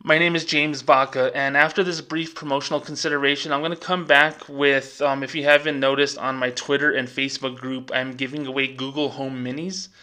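Ranting man in his thirties, bright voice. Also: medium pitch. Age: 30s. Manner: animated, ranting, quick asides. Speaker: host. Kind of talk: casual commentary.

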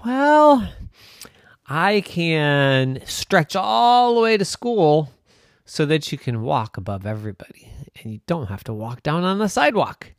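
A proud magical talking staircase from a spoken storybook, teasing and quick to take offense, as a man voices it. It drags its words out slowly with lively rises and falls, close and dry. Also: fairly high pitch, no room sound. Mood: playful.

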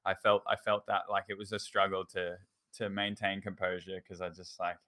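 A young man co-hosts a podcast, rambling casually through a story with plenty of fillers and restarts. His voice sits low with a level tone, moderately paced, pushed and bright.

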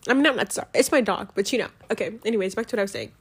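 A young woman chatting casually about a book she loved, rambling and excitable, full of "like" fillers, recorded on a home mic. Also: mid-range voice, rapid-fire, breathy edge. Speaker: book reviewer. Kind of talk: casual book review chat.

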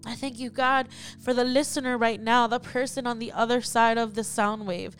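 A woman's voice: a little high, steady tone, moderate pace, faint music behind. A young woman hosting a podcast, leading a fervent spoken prayer and calling on God again and again between phrases.

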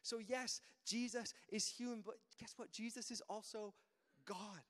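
A man with a high-pitched voice preaches in an easy, conversational way. He often stumbles over a word or two before a thought gets going. His voice rings out with a long hall reverb. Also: steady tone, measured pace. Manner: conversational, repeats words when starting a thought. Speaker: pastor. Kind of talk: casual sermon.

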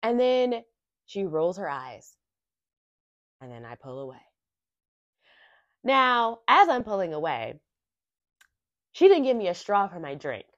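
A woman hosts a podcast and tells a casual story in a chatty, animated voice, with plenty of asides to the listener. Her pitch rises and falls all over the place. The recording is dry and a little dull. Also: slow pace, long pauses, dry recording. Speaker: podcast host. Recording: dry, slightly muffled lo-fi recording.

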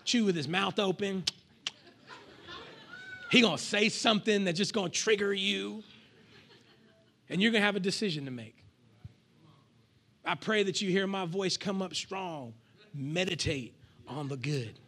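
A male pastor preaching a lively sermon to his congregation, with call-and-response and acted asides. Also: sits high, unhurried, pauses often.

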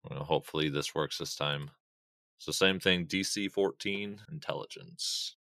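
A man playing in a tabletop game, calmly announcing his character's spells and rolls. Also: extremely low pitch, unhurried, no echo, studio quality. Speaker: player. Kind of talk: casual tabletop game play.

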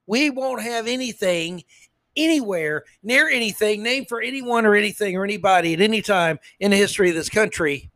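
Sarcastic ranting podcast guy, pretty high-pitched, trips over words, dead dry mic. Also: animated, fairly quick, a bit bright, dry recording. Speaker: podcast host. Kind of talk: ranting political commentary.

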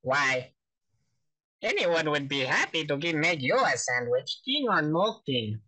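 A man doing an impression of a cartoon gourd henchman, sweet-talking in a flattering, sing-song way. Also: a little high, a little slow, no room sound, full character voice. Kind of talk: character impression.

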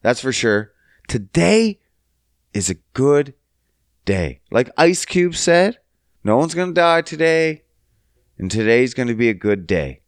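Young adult male solo podcast host from Canada, profane and jokey, drawn-out delivery with big playful swoops in pitch. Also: very animated, no echo, studio quality. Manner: sing-song, jumps high in pitch for silly bits, profane. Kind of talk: solo comedic podcast rant.

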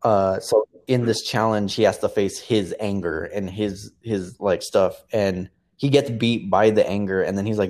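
A man's voice: on the low side, fairly even intonation, unhurried, darkish tone. A young man in casual chat, recapping a show in a rambling way, with many fillers and restarts.

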